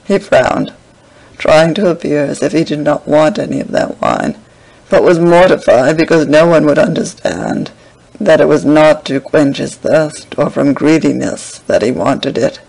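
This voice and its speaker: A man reads a classic novel aloud at a steady pace. His voice sits a bit high and carries a strong gravelly fry. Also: unhurried, poor audio. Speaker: audiobook reader. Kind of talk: scripted narration.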